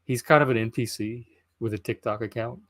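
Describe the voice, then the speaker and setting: A man's voice: mid-range voice, brisk, fairly bright tone. Blunt man in casual podcast chat. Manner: blunt, critical, thinking aloud. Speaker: podcast host.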